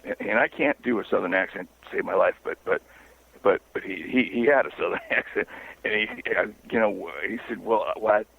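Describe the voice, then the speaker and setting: A low, gravelly man speaks over a tinny phone line. He is an investigative author on a phone-in interview. His storytelling is halting and wry, with a husky edge.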